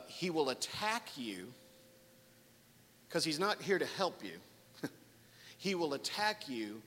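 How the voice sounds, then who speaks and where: A man's voice: medium pitch, a bit bright. Conversational man preaching in a hall. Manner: conversational, acts out inner voices. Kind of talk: sermon.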